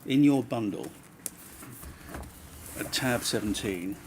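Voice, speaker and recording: A man's voice: mid-range voice, lively intonation, takes it slowly, background noise. A man serving as inquiry counsel, questioning a witness pointedly and formally.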